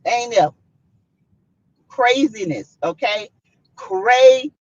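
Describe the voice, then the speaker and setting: A woman's voice: on the high side, slow pace, no echo, lo-fi sound. A woman with a Southern US accent, hosting a casual chat and telling a story dramatically. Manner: animated, dramatic, acts out quotes. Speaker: vlogger host.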